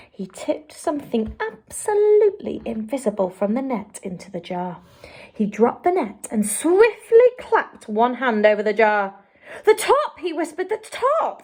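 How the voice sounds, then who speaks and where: A woman teacher reading a children's storybook aloud expressively, dropping to a hush for suspense. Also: mid-range voice, creaky.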